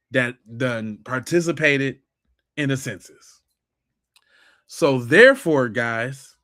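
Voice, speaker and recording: Talking straight to his chat, a man hosting a live stream heatedly makes fun of viewers' comments in a casual manner. He has a slightly bright, mid-range voice.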